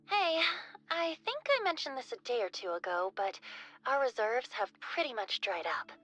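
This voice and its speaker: Woman voicing a chatty young woman, high, lively, upbeat, storybook. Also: moderate pace. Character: cheerful young woman running a corpse business.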